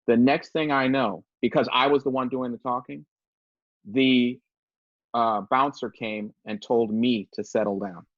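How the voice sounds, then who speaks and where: A man's voice: mid-range voice, no echo. Earnest man, dry and dull sound. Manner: earnest, measured, reflective. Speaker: podcast guest. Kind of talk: personal account in casual talk.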